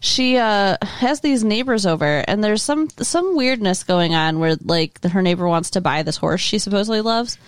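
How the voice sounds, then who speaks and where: A woman's voice: medium pitch, animated, moderate pace, hardly any pauses, smooth, no room sound. Chatty woman co-host, dry sound. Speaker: podcast co-host. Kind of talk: casual recap chat.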